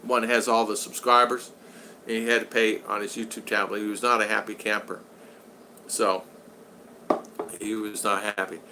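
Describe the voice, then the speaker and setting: A man's voice: lowish voice, flat delivery, moderate pace, pauses often, noisy background. A man hosting a casual live stream, chatting, reading comments aloud and greeting viewers by name. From United States. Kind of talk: casual live-chat talk.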